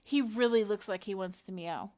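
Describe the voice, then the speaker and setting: Here's a middle-aged woman creating content from home, chatting loosely with viewers as she works on her computer while her cat lingers nearby. Her medium-pitched voice is a little mellow and moves at a moderate pace, and she wanders from topic to topic, muttering to herself with plenty of fillers.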